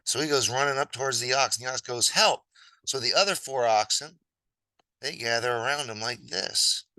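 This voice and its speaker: A man's voice: medium pitch, a little fast, bright, forceful tone, dry recording, low-quality recording. A man telling an old fable in a casual, rambling and playful way, with chatty asides as he draws. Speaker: storyteller. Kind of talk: casual fable storytelling while drawing.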